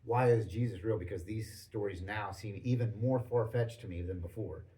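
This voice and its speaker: A man hosting a podcast, telling stories in a rambling, animated way full of restarts and acted-out quotes. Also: fairly low pitch, normal speed, low-quality recording. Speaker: podcast host. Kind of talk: casual storytelling chat.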